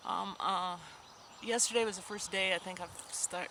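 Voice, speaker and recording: A woman's voice: lowish voice, steady tone, moderate pace, pushed and bright, slight background noise. A sad, subdued woman vlogger chatting casually to her viewers, rambling and emotional, with sighs and restarts. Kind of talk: casual chat to camera.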